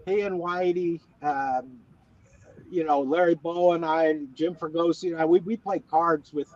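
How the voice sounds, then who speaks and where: A man's voice: fairly high pitch, fairly even intonation, moderate pace, no echo. Folksy rambling man from West Virginia. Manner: rambling folksy storyteller, many restarts. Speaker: guest, former ballplayer. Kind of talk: casual interview chat. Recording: dull, dry lo-fi audio.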